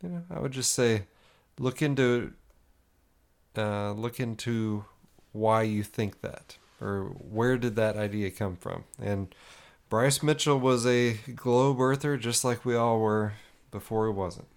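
A man co-hosting a podcast, talking in a halting, searching way with many restarts. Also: lowish voice. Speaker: podcast co-host. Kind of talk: casual podcast talk.

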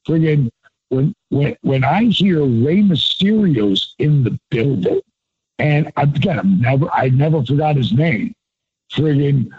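A man's voice: fairly high pitch, slightly rough, phone-quality sound. A man in his sixties, a former pro wrestler and guest, telling stories with profanity and emphasis. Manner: profane, emphatic, laughs often. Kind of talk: animated storytelling.

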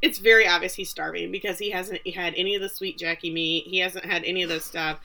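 Woman, podcast co-host, bright voice, animated, swears, casual recap chat. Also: on the low side, quick pace. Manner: animated, swears freely, acts out characters' lines.

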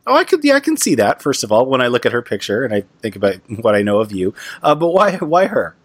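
A man's voice: mid-range voice, huge pitch swings, fast, no room sound. A man hosting a podcast, interviewing a guest in a conversational way with hesitant restarts. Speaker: podcast host. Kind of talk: casual interview.

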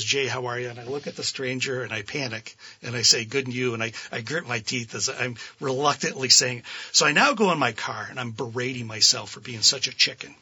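A man being interviewed as a guest, telling a story in an animated way, laughing often and acting out what people said. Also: mid-range voice, breathy edge.

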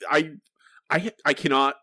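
A man's voice: on the high side, fairly even intonation, unhurried, bright, forceful tone, husky, dry recording, studio quality. A man co-hosting a podcast, ranting in exasperated casual chat with many restarts and asides. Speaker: podcast co-host.

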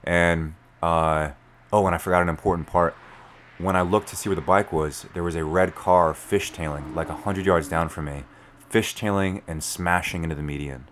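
A man, telling a story as a podcast guest in an animated way, full of fillers. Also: low voice, normal speed, slight background noise. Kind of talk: storytelling in conversation.

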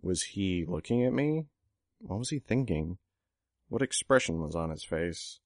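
Male narrator, deep and measured, dry studio-style recording, for audiobook. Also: big pitch swings, dry recording.

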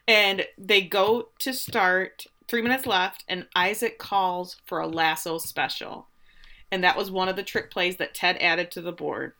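A woman co-hosting a casual chat, retelling scenes in an emotional, animated way and swearing freely. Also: lowish voice, measured pace. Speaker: podcast co-host.

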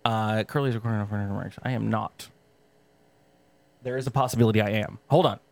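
A young man co-hosting a podcast, telling a story in casual, profane chat with sudden pitch jumps. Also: steady tone, fairly quick, gravelly, darkish tone. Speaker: podcast co-host.

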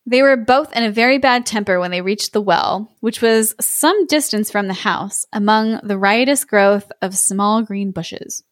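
A young woman podcast host reading a folk tale aloud in a lively way, chuckling now and then. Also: mid-range voice, a little slow, hardly any pauses, dry recording, clean studio sound. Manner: lively, laughs between lines. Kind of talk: storytelling read-aloud with chat.

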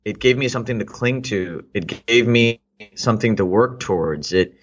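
A man's voice: lowish voice, normal speed, highs cut off. A man in his thirties from Texas, a guest in a casual interview, reflecting aloud with many fillers and restarts. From Texas, United States.

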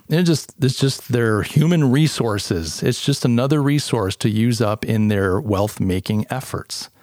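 A man's voice: lowish voice, darkish tone, dry recording. Emphatic male podcast host, dry close sound. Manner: emphatic, with strings of rhetorical questions. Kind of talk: opinion monologue.

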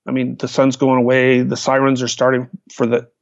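A man, a hang glider pilot, recounting his flights in a lively storytelling manner. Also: medium pitch, a little fast, creaky. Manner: animated, vivid retelling with restarts. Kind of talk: storytelling in a conversation. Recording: dull, lo-fi, dry sound.

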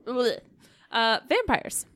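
Woman, podcast co-host, casual chat, bubbly, fairly high voice. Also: sing-song, slow, fairly bright tone, no echo. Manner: giggly, bubbly.

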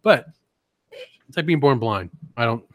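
A man rambling through crude bits on a comedy podcast, giggling as he goes. He is at an ordinary pitch for a man. The recording is dry and close-miked. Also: animated, measured pace, dry recording. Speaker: podcast co-host. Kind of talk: casual comedy podcast chat.

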